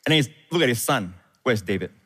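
A male pastor preaching a sermon, telling a scripture story and leaping up in pitch and volume when he quotes the characters. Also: a little fast, breathy edge. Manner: animated, rises high and loud when quoting scripture. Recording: echoey hall with long reverb.

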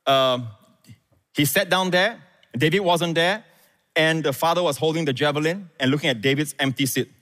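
A male pastor preaching, his voice sitting a bit high for a man. He tells the story in a dramatic way and jumps sharply upward when he quotes the characters. The sound rings through a hall with a long reverb. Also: normal speed. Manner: animated, rises high and loud when quoting scripture. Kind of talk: sermon.

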